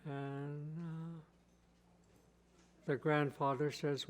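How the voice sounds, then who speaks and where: Slow, level-voiced male storyteller. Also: a little high, flat delivery. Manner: slow, repetitive, plain-spoken. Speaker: tribal chief, keynote speaker. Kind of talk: traditional oral storytelling.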